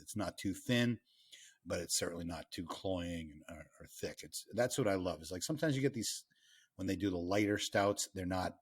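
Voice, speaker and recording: A middle-aged man from Massachusetts co-hosting a podcast, chatting in a relaxed, meandering way with many pauses. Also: low-pitched, husky. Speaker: podcast co-host. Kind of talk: casual chat over beer tasting.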